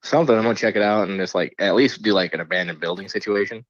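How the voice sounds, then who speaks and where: A man's voice: fairly low pitch, very fast, no room sound, lo-fi sound. A man, a guest on a podcast who makes paranormal videos, telling stories in casual chat and laughing often. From Black Hills area, USA. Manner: animated storyteller, laughs often.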